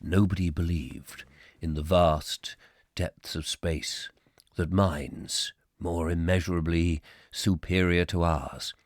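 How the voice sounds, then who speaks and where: A man doing a solemn deep-voiced epic narrator. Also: no room sound, clean studio sound. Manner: slow, solemn, breathy dramatic delivery. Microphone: close to the microphone.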